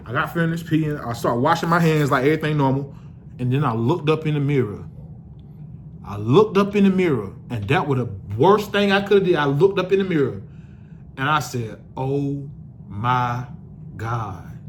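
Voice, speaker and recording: Swearing freely in a slangy, laid-back way, a young man vlogs a story to his viewers. Excitement sends his voice jumping up, and reflection brings it down low. A little hiss or hum sits under the recording.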